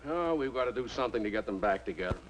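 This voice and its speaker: An actor playing a quick-tempered middle-aged police officer and father in a 1950s TV sitcom. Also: lowish voice, lively intonation, slight background noise, natural voice, rough recording. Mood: concerned.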